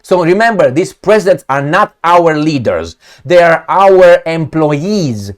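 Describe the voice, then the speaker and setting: A man's voice: a little high, animated, a little slow. A man giving ranting commentary on news clips, blunt, profane and sarcastic. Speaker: political commentator.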